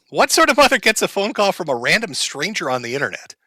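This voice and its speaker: A man's voice: high voice, sing-song, fairly quick, slightly rough. A male streamer giving crude, mocking comedic commentary on a played clip. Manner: loud, mocking, profane.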